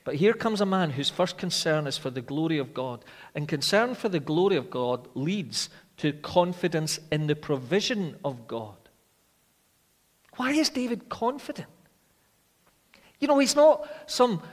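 A man preaching a sermon with dramatic rhetorical questions, rising loud and falling quiet. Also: a little high, big pitch swings, measured pace. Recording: long hall reverb.

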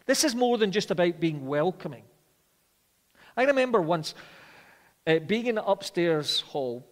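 A man preaching a sermon, swinging between loud emphatic declarations and quiet reflective passages. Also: high-pitched, big-room sound.

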